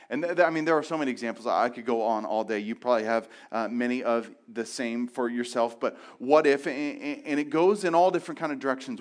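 A middle-aged pastor preaching a sermon, moving from loud, quick bursts to soft, slow pleading, with conversational restarts and self-deprecating asides. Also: male voice, mid-range voice, fairly even intonation.

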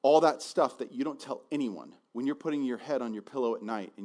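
A male pastor preaching a sermon in a conversational, animated way, often repeating words as he goes. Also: mid-range voice, a little fast.

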